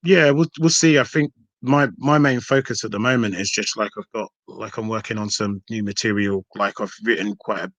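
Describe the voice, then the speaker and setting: A man in a relaxed podcast chat, rambling and restarting often as he talks about his music. His voice sits a little low and sounds dry and close, with no room echo. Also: normal speed, lo-fi sound. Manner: rambling, many restarts and fillers. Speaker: hip hop artist. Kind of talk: casual podcast interview.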